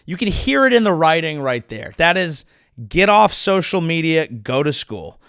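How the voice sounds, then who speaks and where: A man's voice: on the high side, lively intonation, measured pace, vocal fry, a bit bright, no echo, clean studio sound. A man hosting his own comedy show, delivering a sarcastic, riffing monologue. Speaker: comedian host.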